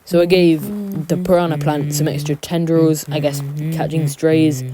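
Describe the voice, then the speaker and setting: A woman's voice: deep voice, flat delivery, moderate pace, a crowd in the background. A woman giving a rambling, self-deprecating voice-over as she draws, full of ums. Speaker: YouTuber narrating a drawing. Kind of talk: casual voice-over commentary. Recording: loud music behind the voice. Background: loud background music.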